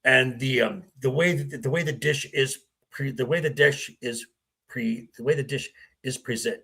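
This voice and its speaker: A man with a husky, gravelly voice, a guest in a casual film discussion, retelling scenes haltingly. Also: mid-range voice, pushed and bright. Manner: halting retelling with acted quotes. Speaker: podcast guest.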